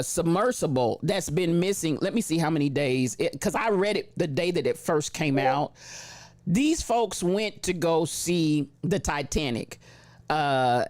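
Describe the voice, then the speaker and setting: Animated, playful livestream host. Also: medium pitch, dry recording. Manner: animated, playful, laughs often, slangy shout-outs. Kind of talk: casual livestream chat reading viewer comments.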